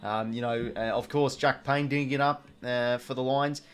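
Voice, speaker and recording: A man's voice: mid-range voice, fairly even intonation, normal speed. A young Australian man hosting a live watch-along stream, chatting casually, full of fillers and greeting viewers from chat.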